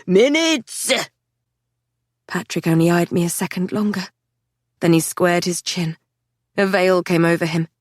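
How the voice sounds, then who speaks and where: A woman narrating a dark fantasy story in the first person, with an intense, measured delivery. Her voice sits low, and the recording is dry and close, with no room around it. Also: little pitch movement, dry recording. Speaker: audiobook narrator.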